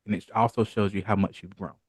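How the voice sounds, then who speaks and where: A man who is a guest on a podcast, speaking in a calm, encouraging coaching manner. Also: fairly low pitch, a little fast, slightly rough, no room sound. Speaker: podcast guest, holistic and spiritual entrepreneur. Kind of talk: casual podcast interview.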